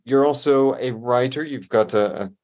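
A man hosting a podcast interview, firing off quick questions and answering with short, easy reactions. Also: medium pitch, a little mellow. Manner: easygoing and affirming, with short reactions. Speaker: podcast host.

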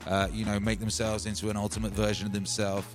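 A man hosting a livestream, telling a rambling comic story in an animated, slangy way and often calling listeners "baby". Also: fairly low pitch, fast, faint music behind. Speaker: livestream music host.

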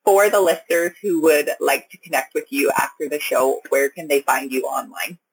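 A woman's voice: deep voice, moderate pace, slightly rough, no echo, clean studio sound. A woman hosting a podcast, chatting casually and speaking straight to her listeners in an upbeat way. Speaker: podcast host. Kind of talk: casual podcast interview and sign-off.

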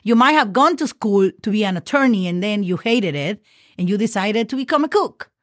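A woman's voice: medium pitch, lively intonation, brisk, no echo, clean studio sound. Patient woman teaching a language lesson. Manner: patient, spells words letter by letter; frequent "okay?" check-ins. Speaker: Spanish teacher.

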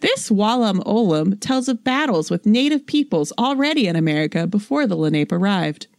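A young adult woman co-hosting a casual chat podcast, reading notes aloud in a matter-of-fact way and slowing down on names. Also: mid-range voice, animated, darkish tone, no room sound, studio quality. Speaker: podcast co-host.

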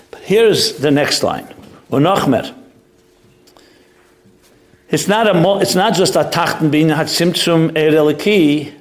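Animated man teaching a Chasidic text. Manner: reads Hebrew text, then explains in English with Yiddish phrases; animated, pitch jumps up when making a point. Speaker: Torah teacher.

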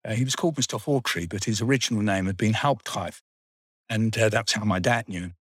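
A man's voice: lowish voice, a little fast, breathy edge, no echo. An older man, telling school memories in a rambling, dryly funny way. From England. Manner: rambling storyteller, dry humour. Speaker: guest. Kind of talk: reminiscing interview.

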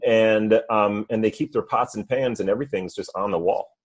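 A man's voice: lowish voice, brisk, husky. A man in casual chat who rambles through loose stories full of fillers.

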